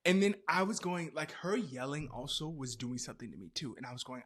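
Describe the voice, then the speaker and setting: A man hosting a podcast, telling a comedic story in a dramatic, animated way with frequent laughter. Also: fairly high pitch, fairly quick, few pauses, breathy edge. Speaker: podcast host.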